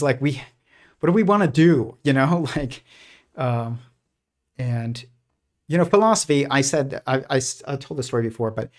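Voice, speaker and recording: Rambling man, mid-pitched. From United States. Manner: rambling, many restarts and fillers, laughs softly. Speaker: host. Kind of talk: casual livestream commentary.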